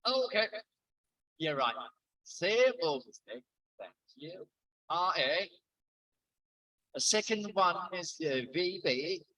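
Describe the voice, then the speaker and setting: A middle-aged male lecturer with a slightly high voice, keen and bright in tone. He talks a university class through the material in a loose, chatty way, dropping joking asides between points. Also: sing-song, slow pace, pauses often, rough recording.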